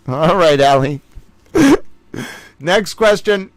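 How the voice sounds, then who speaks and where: Lively male livestream trivia host. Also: high voice, slow, no echo. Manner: lively, reads out names and scores, chatty with viewers. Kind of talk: casual livestream chat.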